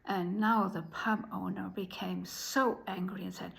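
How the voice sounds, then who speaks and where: A woman telling a folk tale in an unhurried way, pausing often. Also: mid-range voice, fairly even intonation, gravelly, a bit bright, rough recording. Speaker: storyteller.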